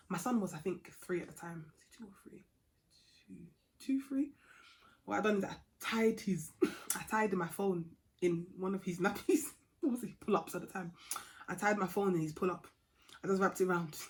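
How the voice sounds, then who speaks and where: A young woman telling a storytime vlog story in a chatty, animated way, dropping to a hush and rising to heated outbursts. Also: mid-range voice. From England. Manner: chatty and animated, swings from hushed to loud and heated. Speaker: vlogger.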